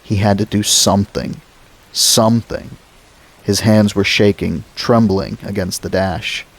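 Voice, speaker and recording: A man reading a thriller novel aloud as a narrator, slow and dramatic. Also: lowish voice, poor audio. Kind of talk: audiobook narration.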